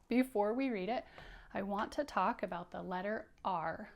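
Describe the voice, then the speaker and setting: Woman teacher reading a picture book to kids, slow and encouraging. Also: mid-range voice, creaky. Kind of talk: children's read-aloud lesson.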